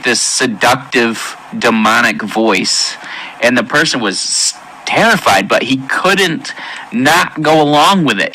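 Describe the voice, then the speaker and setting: A man giving an emotional personal testimony in an earnest, halting way, with many pauses and restarts. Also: medium pitch, pushed and bright, poor audio. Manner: intense, pleading delivery. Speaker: testimony speaker.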